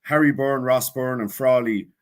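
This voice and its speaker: A man with a Dublin accent, a guest on a casual sports chat, talking in an opinionated, animated way. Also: medium pitch, moderate pace.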